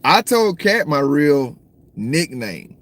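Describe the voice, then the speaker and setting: A man from the States, rambling through a casual livestream chat, slangy and cursing freely while he shouts out viewers. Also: a little high, sing-song, slow. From Southern United States. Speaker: livestream host. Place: in a car at times.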